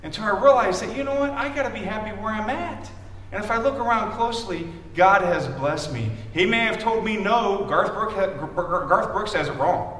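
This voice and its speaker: Midwestern male lay preacher, high-pitched, casual and anecdotal, recorded from afar in a reverberant church. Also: animated, normal speed, a bit bright, a little hiss or hum. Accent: Midwestern American. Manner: chatty, anecdotal, addresses congregation by name. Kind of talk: casual conversational sermon. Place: church sanctuary. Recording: echoey church from a distance.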